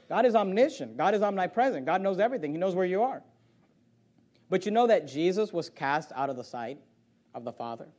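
A man preaching a sermon, reading scripture aloud with loud swells and sudden drops. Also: high-pitched. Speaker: pastor.

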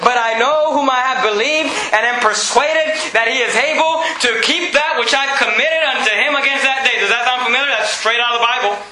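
Emphatic male pastor mid-sermon, high ringing voice, roomy church sound. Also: a little fast, hardly any pauses, pushed and bright. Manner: emphatic, preaching with frequent restarts and read-aloud hymn lyrics.

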